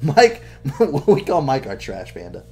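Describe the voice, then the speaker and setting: A man's voice: medium pitch, measured pace, breathy edge, soft background music. A young man co-hosting a podcast, swearing freely and laughing a lot as he tells stories. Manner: profane, animated, laughs a lot. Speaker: podcast co-host. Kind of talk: casual gaming chat.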